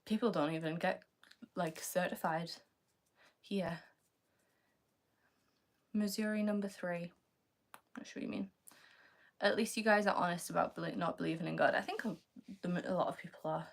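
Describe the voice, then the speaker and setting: This livestreamer, a young British woman, reads her viewers' comments out loud and answers them in a loose, filler-heavy way. Her voice is lowish, steady and creaky, delivered at normal speed with long pauses.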